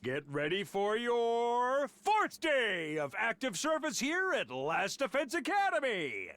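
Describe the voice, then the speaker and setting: A man's voice: very high-pitched, huge pitch swings, takes it slowly, fairly bright tone, no echo, exaggerated voice. An actor voicing a tiny, bossy male creature who barks military wake-up announcements in a video game. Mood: rousing commanding. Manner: barking military wake-up calls. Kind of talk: game voice acting.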